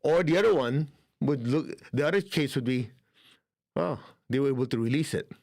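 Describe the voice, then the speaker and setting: A man's voice: mid-range voice, normal speed, vocal fry, darkish tone. A man teaching spiritual healing in a conversational way. He often checks in with his listeners and acts out inner dialogue. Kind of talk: instructional talk on spiritual healing.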